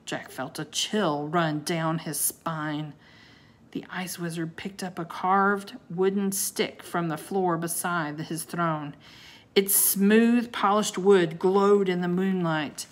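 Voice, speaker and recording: A woman reading a children's book aloud, expressive and giving each character a voice. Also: lowish voice, takes it slowly. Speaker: audiobook reader.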